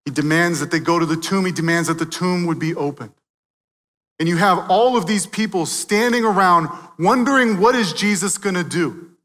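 A man's voice: high-pitched, normal speed, big-room sound. Man preaching with rising intensity. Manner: dynamic preaching, swelling loud then dropping soft. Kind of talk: sermon.

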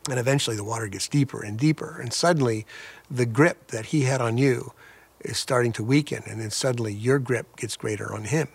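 A man's voice: mid-range voice, fairly quick, vocal fry, breathy edge, dry recording. A man preaching a sermon as a pastor, earnest, with a repetitive cadence that rises and falls in intensity.

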